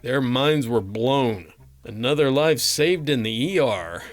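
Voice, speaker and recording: A man's voice: medium pitch, lively intonation, takes it slowly. A man narrating a string of funny doctor and patient stories, with a dry comic delivery. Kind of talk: reading funny anecdotes aloud.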